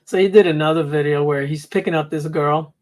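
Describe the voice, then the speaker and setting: A man chatting casually on an open panel with a voice pitched a little high. He rambles from one story to the next and drops quick asides as he goes. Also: fairly even intonation, darkish tone, rough recording. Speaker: panel guest. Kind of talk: casual chat.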